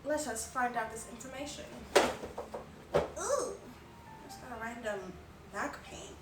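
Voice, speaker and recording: A woman's voice: a little high, normal speed, far from the mic. Giggly young woman streamer, roomy sound. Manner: rambling, giggly, filler-heavy. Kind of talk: casual live-stream chat. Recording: roomy, off-mic, music behind.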